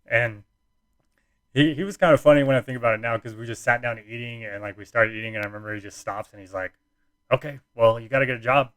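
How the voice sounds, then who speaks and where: A man's voice: medium pitch, steady tone, fast, fairly bright tone, no echo. A young man hosting a podcast, telling a personal story in a rambling, laid-back way full of fillers and restarts. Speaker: podcast host.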